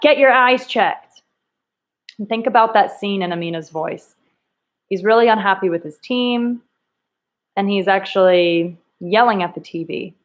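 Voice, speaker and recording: On a lo-fi recording, a woman gives children a reading lesson, posing slow, emphatic questions and acting out the quoted lines. Her pitch is medium.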